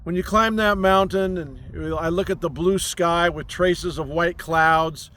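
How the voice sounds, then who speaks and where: A man delivers an inspirational spiritual message outdoors on a mountain. His voice sits high and he speaks very slowly. He leans on gentle, repeated affirmations. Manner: slow, soothing, repetitive affirmations. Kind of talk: inspirational sermon. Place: outdoors on a mountain overlooking a city.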